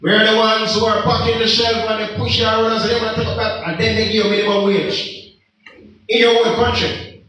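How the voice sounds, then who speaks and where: Jamaican guy lecturing young folks, real high voice, big echo and kinda far off from the mic. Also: flat delivery, fairly quick, sharp tone. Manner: preachy, emphatic, rhetorical questions. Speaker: speaker addressing young people. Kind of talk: impassioned motivational talk.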